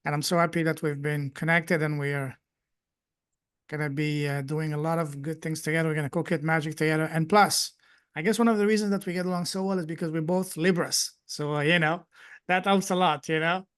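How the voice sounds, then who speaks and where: A man's voice: on the high side, level tone, fairly quick, fairly bright tone, smooth. A man hosting a live group call, effusive and grateful, thanking people again and again. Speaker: host and coach.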